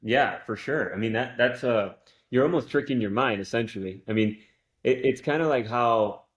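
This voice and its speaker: A man's voice: mid-range voice, moderate pace. A man hosting a golf podcast, talking in a motivational way and repeating phrases for emphasis. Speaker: podcast host. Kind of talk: casual podcast interview.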